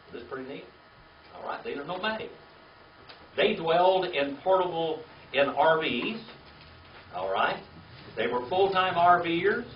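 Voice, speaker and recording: A man's voice: a little high, expressive, unhurried, pauses often, slight background noise. Man teaching a class in an echoey room. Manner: spells out words letter by letter, asks the class to repeat. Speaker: Bible teacher. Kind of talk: classroom Bible lesson. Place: classroom or church meeting room. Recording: echoey room, distant mic, dull lo-fi.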